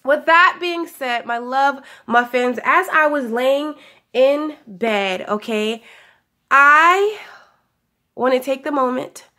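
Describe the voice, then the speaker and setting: A young woman with a high, bright voice talks warmly and chattily through a daily spiritual pep talk. Her voice is still a little hoarse as it recovers, and she laughs often, calling her listeners "honey." Casual and affectionate throughout. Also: slow. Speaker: spiritual guidance vlogger.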